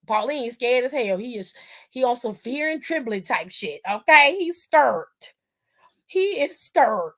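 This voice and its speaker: A woman hosting a casual wrestling aftershow, animated and profane, talking loudly and laughing often. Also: fairly high pitch, a little slow. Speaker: host.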